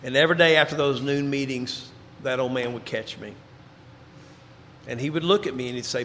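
A man's voice: normal speed, a little hiss or hum. Man telling his story in a hall. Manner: storytelling, drops to quiet low tones for emphasis. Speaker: recovery speaker. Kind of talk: personal testimony talk. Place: large hall before an audience. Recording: reverberant hall, faint ambience.

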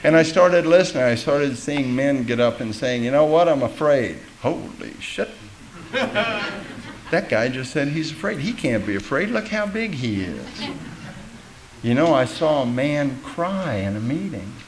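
A man's voice: medium pitch, expressive, a little slow, background noise. A man giving a personal testimony at a recovery meeting, telling his story candidly and with self-mocking humor, acting out the voices of people he quotes.

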